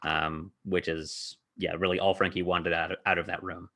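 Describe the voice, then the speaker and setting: On his podcast, a man who runs tabletop games tells about one session in a loose, rambling way, laughing frequently and leaning on filler words. He speaks low and flat at a moderate pace, with a sharp tone.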